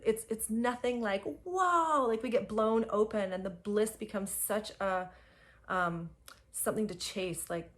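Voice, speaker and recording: Woman, young adult, personal storytelling, emphatic, filler-heavy, mid pitch. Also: unhurried, fairly bright tone. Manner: breathless and emphatic, many fillers and laughs. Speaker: spiritual guide.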